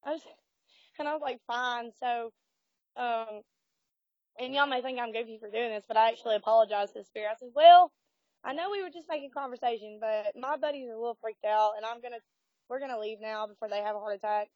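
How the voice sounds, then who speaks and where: A woman with a drawl recounts a spooky night at a cemetery in a casual, animated way, laughing and putting on voices for what others said. Her voice sits a touch high, recorded dry and close, with a dull, muffled sound. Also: fast talker, dry recording. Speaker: guest telling a ghost story. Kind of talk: casual storytelling.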